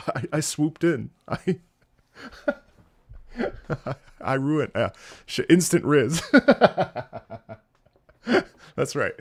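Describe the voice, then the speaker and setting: A man with a gravelly, creaky voice chats casually on a live stream. He rambles from topic to topic and jokes with his viewers. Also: fairly high pitch, fairly bright tone. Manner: chatty, rambling, joking with chat.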